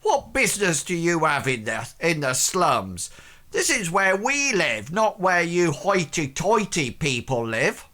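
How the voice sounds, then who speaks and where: A man's voice: on the high side, sing-song, unhurried, bright, forceful tone, voice pushed up, exaggerated voice. A man voicing a rotund, protective slum blacksmith with a blustering, attempted Welsh lilt. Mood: suspicious.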